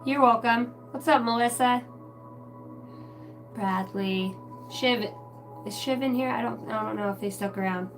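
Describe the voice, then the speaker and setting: A woman reading tarot cards on a live stream in a chatty, casual way, greeting viewers by name and clearing her throat now and then. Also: fairly high pitch, measured pace, long pauses. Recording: distant mic with music playing behind.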